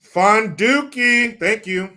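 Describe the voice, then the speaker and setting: A man's voice: sits high, slow, sharp tone. A man reading viewer comments on a live stream, joking, swearing and mock-outraged.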